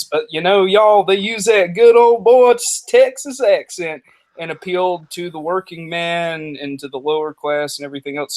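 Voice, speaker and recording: A man, a guest on a live stream, talking casually and rambling through an anecdote. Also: a little high. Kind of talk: casual chat.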